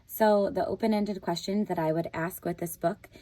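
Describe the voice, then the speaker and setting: A woman teacher reading a picture book aloud in a calm, deliberate narrating voice. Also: on the low side.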